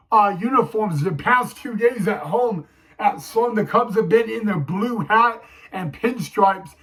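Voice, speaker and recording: A man's voice: high-pitched, a bit bright, poor audio. A man recapping a game for his fan vlog, emotional and teary, repeatedly calling his viewers "guys.". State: teary, choked up. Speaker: sports fan vlogger.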